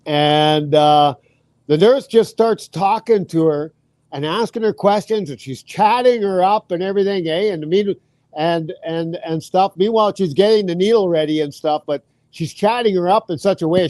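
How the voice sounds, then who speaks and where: A man's voice: high voice, moderate pace, dry recording. A middle-aged man telling a family anecdote in casual chat, acting out the quotes. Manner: animated anecdote with acted quotes and laughs. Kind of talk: casual storytelling.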